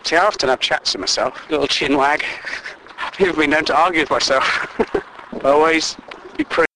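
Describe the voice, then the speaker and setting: Man, comic monologue, sweary, chuckles a lot, slightly high voice. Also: fairly quick, background noise. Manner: sweary, self-amused, chuckling at own jokes.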